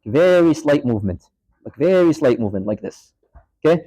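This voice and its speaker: A man's voice: on the high side, lively intonation, brisk, dark tone, low-quality recording. A man teaching a live class in a mosque, casually walking students through a prayer demonstration and quizzing them as he goes. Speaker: Islamic studies teacher.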